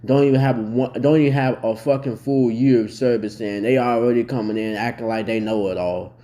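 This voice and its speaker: A young man talks straight to camera in a casual commentary, blunt and swearing freely as he gets worked up. His voice sits in a middle pitch with a dark, mellow tone. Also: steady tone, brisk. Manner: blunt, heavily profane, worked up. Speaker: vlogger reacting to a news story.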